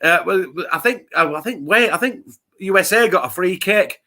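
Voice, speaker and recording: A man's voice: high voice, lively intonation, moderate pace, sharp tone. A man from England co-hosting a live football watch-along, telling a sweary story in casual chat. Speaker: co-host.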